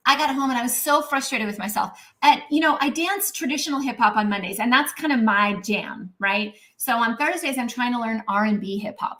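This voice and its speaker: A middle-aged woman, a naturopathic doctor, talking casually and animatedly in a live Q&A, with lots of "um" and "right?", now and then clearing her throat. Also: high voice. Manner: chatty and animated, acts out inner voices; frequent "um" and "right?" tags.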